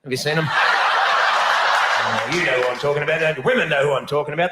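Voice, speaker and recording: A man's voice: on the high side, fast, long pauses, heavy background noise. A man with an Australian accent doing a blunt, swaggering, profane stand-up routine on a club stage. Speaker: stand-up comedian. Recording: echoey club, loud laughter.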